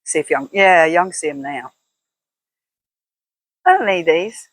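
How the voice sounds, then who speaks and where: A woman's voice: sits low, expressive, measured pace, no room sound, rough recording. Chatty older woman, dry sound. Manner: chatty, laughs often, folksy. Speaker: vlogger. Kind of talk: casual chat to camera. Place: at home, walking indoors and out.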